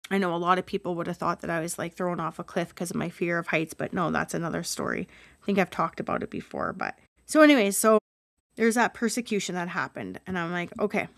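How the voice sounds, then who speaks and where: A woman's voice: fairly low pitch, lively intonation, fast, gravelly, no echo, clean studio sound. A woman hosting a solo spiritual podcast as a Reiki healer, talking in an earnest, emotional and rambling way with many asides.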